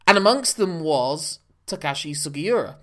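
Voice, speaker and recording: A man's voice: fairly high pitch, expressive, normal speed, sharp tone. A man co-hosting a casual podcast, explaining things at length in a knowledgeable way. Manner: knowledgeable, long explanatory runs. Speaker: podcast co-host. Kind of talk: casual wrestling podcast chat.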